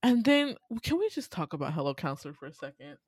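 A woman's voice: deep voice, very animated, quick pace, very noisy. A woman co-hosting a podcast, telling stories in loose, profane casual chat full of slang.

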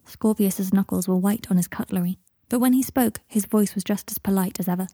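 A woman narrates a story in a calm, even manner. Her voice is mellow and warm. The recording is close and dry. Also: medium pitch, a little fast, no echo. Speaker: audiobook narrator. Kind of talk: narrating fan fiction.

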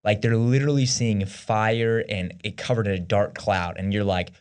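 A man co-hosting a podcast in a studio, chatting casually about faith with an energetic, slangy manner. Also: lowish voice, normal speed, smooth. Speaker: podcast co-host.

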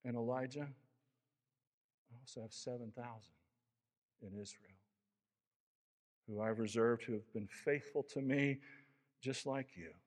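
Guy preaching a sermon, gets loud and passionate, long echo of a church hall. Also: medium pitch, fairly even intonation, measured pace, pauses often. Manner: impassioned preaching, voicing Elijah's lament. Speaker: pastor.

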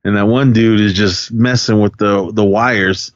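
Laughing frequently and saying "uh" to fill the gaps, a podcast co-host wanders through a film recap in relaxed chat. His fairly low voice keeps a fairly even intonation and measured pace, and the recording sounds dry, dull and lo-fi.

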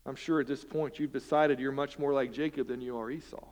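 A man, the pastor, preaching a sermon in church, animated, swinging between loud emphasis and hushed, quiet asides and asking rhetorical questions. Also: mid-range voice, a little fast. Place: church sanctuary.

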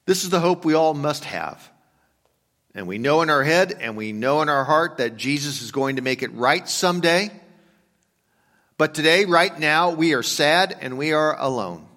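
A male pastor preaching a sermon, moving between hushed, slow reflection and loud, emphatic urging. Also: on the high side, expressive. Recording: long reverb of a large hall.

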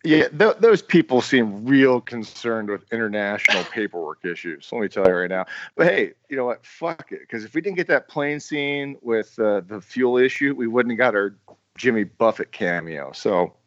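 A man's voice: mid-range voice, expressive, normal speed, no room sound. Sarcastic contrarian man, dry lo-fi mic. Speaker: podcast co-host. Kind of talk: casual movie-review chat.

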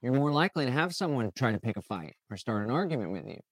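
A man hosting a motivational talk, animated and acting out imagined people's lines. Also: medium pitch, fast, no echo. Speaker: host.

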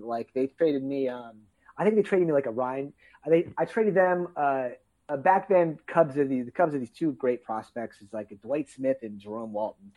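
A man telling childhood stories in casual chat, acting out quotes with loud outbursts and frequent swearing. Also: medium pitch, poor audio. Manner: animated storytelling, acts out quotes loudly; swears freely.

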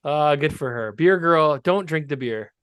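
A man's voice: a little high, animated, a little slow, fairly bright tone, clean tone, no room sound, studio quality. A man co-hosting a podcast in casual chat, sarcastic and often laughing. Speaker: podcast co-host.

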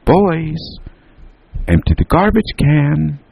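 A stern mother , as a gravelly-voiced male storyteller plays her, calls out in a voice pushed well above his own deep register. She keeps repeating her firm orders, and her voice stays raspy underneath. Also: big pitch swings, takes it slowly, a little mellow, no echo, heavily acted. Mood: insistent. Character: stern, insistent mother of two boys.

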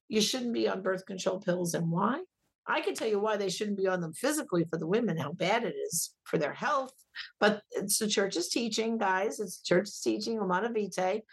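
A woman's voice: medium pitch, slightly rough. A middle-aged woman, a guest on a radio talk show, speaking emphatically and telling stories with animation. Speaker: guest, pro-life ministry director.

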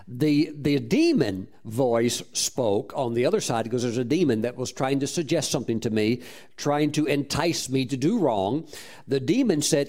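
A man's voice: mid-range voice, lively intonation, normal speed, darkish tone. A man preaching a sermon as a pastor, telling a story with fervent praise and frequent restarts. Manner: repeats words while restarting phrases.

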